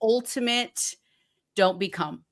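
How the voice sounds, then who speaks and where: A woman co-hosting a casual chat, relaxed and candid, laughing easily. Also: medium pitch, slow pace. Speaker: co-host.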